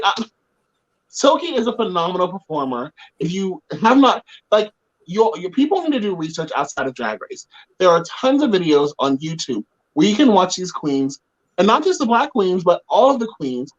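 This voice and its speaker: A man's voice: high-pitched, lo-fi sound. A man hosting a casual group chat, talking in an emphatic, opinionated way. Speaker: podcast host.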